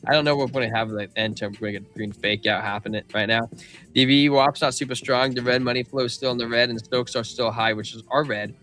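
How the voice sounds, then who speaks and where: A man's voice: medium pitch, fairly even intonation, fast talker, a bit bright, faint music behind. A man hosting a live crypto stream, talking through price charts and reading viewers' chat in a casual, slangy way. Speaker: crypto livestream host.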